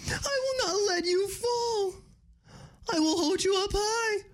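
Goofy slacker drawl, very high, put on by a man. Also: slow. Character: goofy lanky young man, laid-back slacker.

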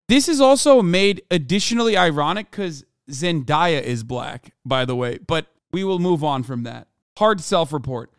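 A man's voice: fairly high pitch, animated, normal speed, few pauses, clear, resonant tone, no echo, studio quality. A man hosting a podcast, reading tweets aloud and mocking them in a sarcastic, profane comedic commentary. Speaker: podcast host.

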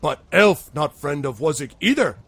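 Man doing a dim, gravelly bridge brute for a tabletop game; slow, broken phrasing, pitched up. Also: big pitch swings, fairly bright tone, no echo, full character voice. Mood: serious. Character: dim-witted brutish male bridge guardian with club.

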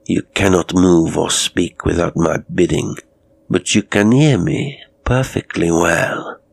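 Male reader doing a courteous, sinister murderer in an audio story, faint foreign accent, deep gravelly voice. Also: slow pace, exaggerated voice. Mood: courteous menace. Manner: polite, formal and quietly mocking. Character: suave, menacing male murderer posing as a waxwork.

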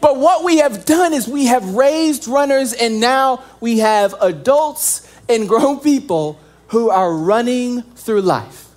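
Lively joking young male pastor. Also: very high-pitched, takes it slowly, few pauses. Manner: animated, joking, playacts scenes. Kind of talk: sermon.

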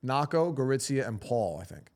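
Male podcast co-host, 40s, casual animated storyteller, mid pitch. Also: moderate pace.

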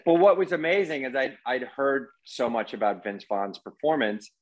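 A man's voice: mid-range voice, expressive, moderate pace, low-quality recording. A man as a podcast guest, telling rambling anecdotes with many fillers in casual conversation.

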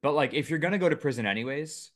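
A man's voice: a little high, expressive, fast, fairly bright tone. A man co-hosting a casual podcast, reading news items aloud with lots of fillers and joking asides. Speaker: podcast co-host. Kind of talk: casual chat.

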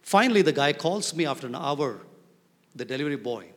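A man preaching a sermon as pastor, animated and often asking his congregation questions. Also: on the high side, a little fast. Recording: reverberant hall.

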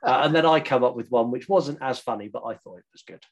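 A young man with an English accent holds forth on a podcast, his pitch sitting in an ordinary middle range. He tells stories in a loose, rambling way, full of jokes and casual swearing. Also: fast, breathy edge, dull audio. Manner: rambling, swearing, jokey storyteller. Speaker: podcast co-host. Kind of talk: casual chat.

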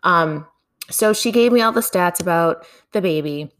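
A woman casually telling a personal story to her viewers, animated, laughing often and swearing now and then. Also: lowish voice, normal speed.

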